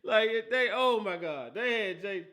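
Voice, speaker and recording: A man's voice: high voice, lively intonation, unhurried, pushed and bright. A man hosting a casual football talk show, teasing and laughing often, with a habit of asking "right?". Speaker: host.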